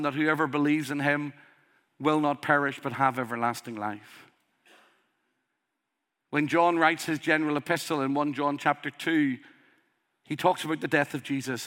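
A male preacher with a strong accent delivers his sermon at an unhurried, measured pace. His voice sits a little high and rings bright and forceful. He leans on rhetorical questions and earnest emphasis. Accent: strong accent he calls a dialect.

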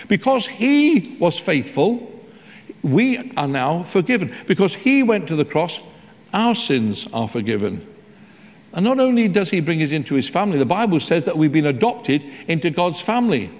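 A man preaching a sermon, emphatic and animated, slowing right down when he quotes scripture. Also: a little high, in a large hall.

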